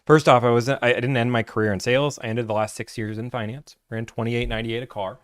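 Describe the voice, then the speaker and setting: Joking, sarcastic livestream host. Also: male voice, medium pitch, quick pace, clean tone. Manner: animated, sarcastic, teasing chat. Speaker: livestream host, car buying broker. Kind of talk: casual livestream chat reading comments. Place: his office.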